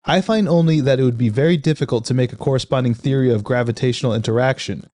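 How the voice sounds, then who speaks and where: A man reading the lines of a polite, open-minded elderly male scientist with a German accent, in a measured way. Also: medium pitch, dark tone, dry recording, natural voice.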